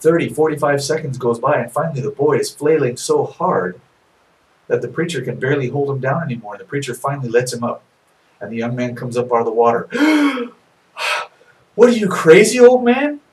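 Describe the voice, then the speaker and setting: Man, minister, sermon story, soft-spoken, unhurried, mid pitch, distant mic in an office.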